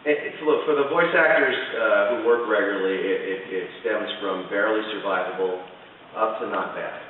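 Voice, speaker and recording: Man, low voice, frank panel answer, stumbling starts, tinny phone-like sound, echoey hall from far away. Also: normal speed, slight background noise. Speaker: voice actor and director on a panel. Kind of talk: answering a fan question on a panel.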